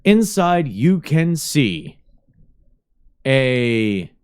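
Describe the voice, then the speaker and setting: Slow, halting male game master. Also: medium pitch, big pitch swings, clean tone. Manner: slow, halting descriptive narration. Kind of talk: narrating a tabletop game.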